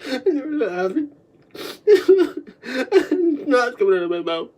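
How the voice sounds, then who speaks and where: Woman, husky breathy voice, fairly high pitch, reliving a memory aloud, halting and repetitive, coughing, laughing and crying. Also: very animated. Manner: swings between laughing and crying.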